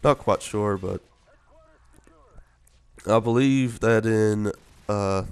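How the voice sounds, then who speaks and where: A man's voice: on the low side, very slow, clean tone. A young man giving casual, rambling commentary over gameplay, sleepy from just waking up, with many fillers. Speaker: gaming video commentator.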